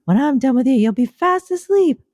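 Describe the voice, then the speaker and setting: Woman putting on a high silly seductive relax-you voice, teasing, dry sound. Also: lively intonation, a little fast, a little mellow, no echo. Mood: sultry. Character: over-the-top seductive relaxation guide.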